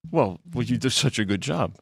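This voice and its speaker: A man as a guest on a sports talk show, rambling wryly with many fillers and halting restarts. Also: medium pitch, expressive, creaky, slightly rough, soft background music.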